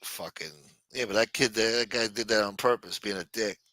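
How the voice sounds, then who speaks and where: A man's voice: lowish voice, a little fast, pushed and bright, no room sound. A man hosting a livestream, telling stories in a rambling, profane, casual way. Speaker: livestream host.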